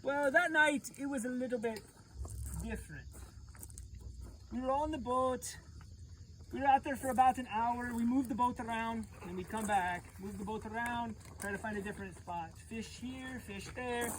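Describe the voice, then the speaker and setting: A woman youth pastor acting out a Bible story in the first person, animated and playful, talking straight to her audience. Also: fairly high pitch, normal speed, a little hiss or hum, rough recording.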